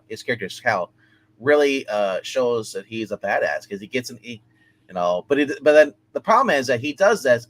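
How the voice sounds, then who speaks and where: A man co-hosting a TV recap show, telling the plot in a rambling, halting way with many fillers and restarts. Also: medium pitch, a bit bright. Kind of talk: casual TV episode recap.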